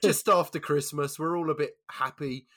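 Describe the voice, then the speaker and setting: A man hosting a casual podcast chat and telling long jokes with lively storytelling. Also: fairly high pitch, normal speed. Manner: animated storyteller. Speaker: podcast host.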